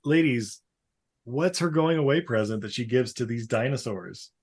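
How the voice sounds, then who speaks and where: A man co-hosting a casual podcast, recapping a movie in an animated way, swearing and slipping into silly voices. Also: medium pitch, normal speed, breathy edge. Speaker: podcast co-host.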